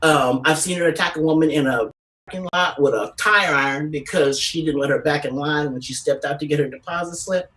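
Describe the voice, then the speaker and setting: A woman doing a stand-up comedy set, telling brash, profane stories in an animated way. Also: low-pitched, brisk, distant mic, low-quality recording.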